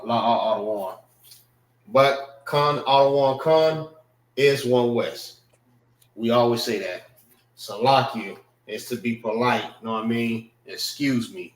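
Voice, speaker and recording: Slow-talking man teaching in an echoey room. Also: medium pitch. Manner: slow, repetitive, checks in with listeners. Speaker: class teacher. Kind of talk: casual vocabulary lesson.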